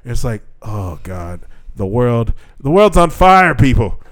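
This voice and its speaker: A man's voice: mid-range voice, big pitch swings, measured pace, no echo. A man co-hosting a casual podcast, ranting with lots of swearing and laughter. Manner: profane, ranting, laughs often. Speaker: podcast co-host. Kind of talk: casual chat.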